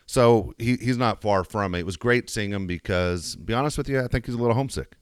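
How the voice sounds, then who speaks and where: Male, deep voice, quick talker, animated profane anecdotes, dry close mic. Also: clear, resonant tone, no room sound. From Southern California. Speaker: baseball coach. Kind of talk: casual storytelling chat.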